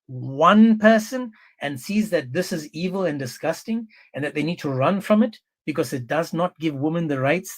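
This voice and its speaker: A man hosting a livestream, talking in a forceful, scornful, repetitive way. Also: a little high. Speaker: livestream host. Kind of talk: heated livestream commentary.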